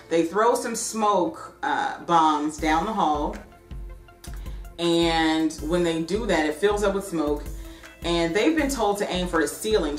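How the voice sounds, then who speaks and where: A woman casually recapping a TV season for her vlog, chatty and animated, with frequent "um" and "like". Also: lowish voice. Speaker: TV recap vlogger. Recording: echoey room.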